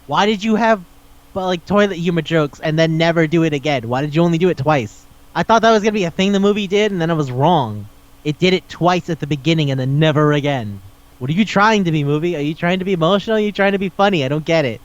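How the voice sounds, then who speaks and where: A man's voice: a little high, fast talker, dull audio. A man co-hosting a casual podcast chat, ranting and swearing as he picks a movie apart. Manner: ranting, profane, animated. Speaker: podcast co-host.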